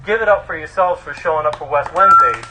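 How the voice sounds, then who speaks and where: A man who is a local government official speaks at an outdoor protest rally, halting and searching for words. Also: fairly high pitch, lively intonation, heavy background noise. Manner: hesitant, halting with fillers.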